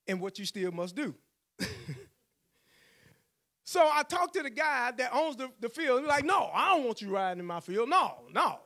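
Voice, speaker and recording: A man's voice: high-pitched, pushed and bright. A male pastor, telling a personal story in a sermon, acting out the voices he quotes and laughing often.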